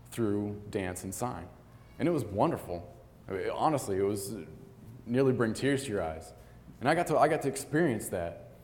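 A man's voice: mid-range voice, darkish tone, big-room sound. A man preaching a sermon, reading scripture aloud and telling stories in an earnest, conversational way.

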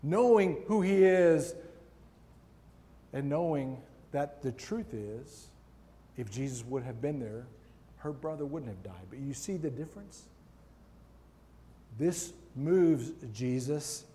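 A man giving a sermon as a guest preacher, reading scripture and speaking with slow, emphatic pauses in a large hall. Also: medium pitch, animated, mellow. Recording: long hall reverb.

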